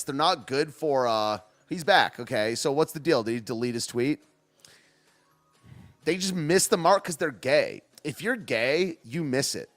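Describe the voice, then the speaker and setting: A man's voice: on the high side, a bit bright. A man hosting a podcast, talking in a sarcastic, rambling way and laughing at himself. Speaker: podcast host. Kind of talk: casual political podcast rant.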